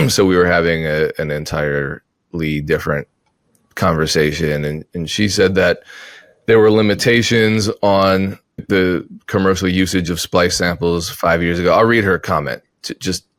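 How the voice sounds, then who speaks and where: A deep-voiced man talks through his argument in a casual podcast style, often stopping to rephrase himself. His voice sits very low and the recording is dry and close. He picks up energy whenever he lands a point. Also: normal speed, no echo. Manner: thoughtful, self-correcting, animated when making points. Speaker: podcast host, music producer. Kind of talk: casual opinion talk.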